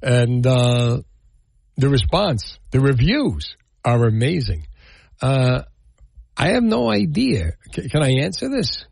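Gravelly, animated New radio host. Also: male voice, medium pitch, takes it slowly, no room sound. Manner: animated, jokey, repeats phone numbers. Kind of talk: call-in radio talk.

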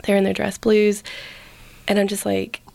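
A woman of middle pitch whose voice sits deep in vocal fry and grit. She tells her personal story to an interviewer in loose, chatty speech. She keeps slipping into the quoted words of the people around her. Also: monotone, moderate pace, a little mellow. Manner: casual, filler-heavy, acts out quoted speech. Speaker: podcast guest.

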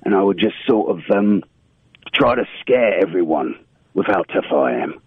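A man's voice: deep voice, lively intonation, moderate pace, husky, dry recording. A man, a voice actor guest, chatting casually and a bit hesitantly in an interview over a tinny phone line. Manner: easygoing, hesitant, lots of ums.

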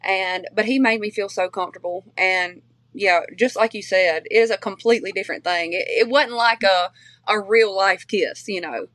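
A woman's voice: medium pitch, normal speed, a bit bright, no echo. Chatty woman with a strong regional accent. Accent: strong regional accent she shares with her family. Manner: chatty, many fillers and restarts, laughs easily. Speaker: interview guest, country singer. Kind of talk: casual interview chat.

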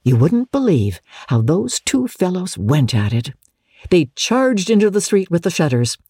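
An audiobook narrator giving a measured, expressive storybook reading in a dry studio booth. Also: mid-range voice, husky, dry recording.

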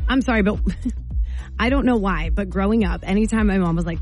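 A woman's voice: mid-range voice, fairly quick, a little mellow, soft background music. A woman hosting a morning radio show, chatty and playful, laughing often as she talks to listeners. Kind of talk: upbeat morning radio talk.

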